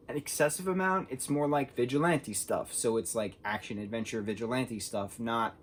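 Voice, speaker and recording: A young man casually reviewing a film, rambling and filling his talk with "like". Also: mid-range voice. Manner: rambling, says "like" a lot.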